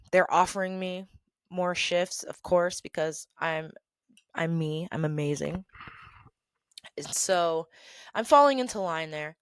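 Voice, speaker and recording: A woman telling a story on her own show, her voice set a little low. She delivers it with sass and animation, swinging from quiet asides to loud outbursts. The sound is close and dry, with no room around it. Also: clear, resonant tone, no room sound. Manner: animated, sassy, big swings in loudness. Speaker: storytelling host. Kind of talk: casual storytime monologue.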